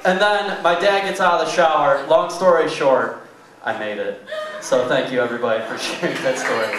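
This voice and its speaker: A man's voice: on the high side, normal speed. A young man doing a stand-up comedy set in a small club, with a loose, rambling delivery full of fillers. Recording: echoey club room, mic far off, faint noise.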